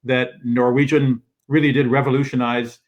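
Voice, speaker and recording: An older man hosts a casual travel show from his living room over a video call. He rambles along in a mid-pitched voice, full of fillers and restarts. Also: flat delivery, moderate pace, lo-fi sound. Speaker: host. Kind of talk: casual live-stream talk. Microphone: video call setup.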